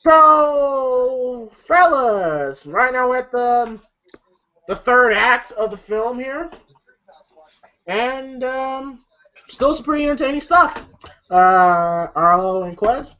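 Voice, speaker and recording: A man's voice: very high voice, lively intonation, takes it slowly, sharp tone, highs cut off. A man hosting a casual film review chat, retelling scenes in a rambling way full of fillers. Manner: rambling, lots of fillers and laughter. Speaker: podcast host, film reviewer.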